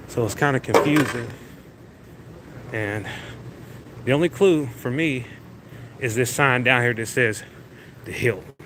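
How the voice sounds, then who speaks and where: Walking a large indoor venue on a phone mic, a man hosts a casual livestream, talking to viewers in an easygoing, rambling way. His voice is medium in pitch and fairly bright, delivered at a measured pace with long pauses. Venue noise is audible behind him.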